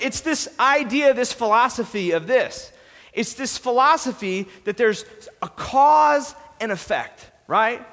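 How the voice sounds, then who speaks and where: A man's voice: extremely high pitch, expressive, measured pace, fairly bright tone. A man preaching a sermon as pastor, joking casually and calling on the congregation to finish his lines. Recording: reverberant church hall.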